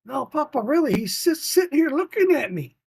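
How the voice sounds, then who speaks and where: Brief: grandpa putting on a small impatient girl, high and pleading, dry close sound. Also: sing-song, brisk, vocal fry, darkish tone, dry recording, heavily acted. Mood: insistent. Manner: high, pleading, insistent child's voice.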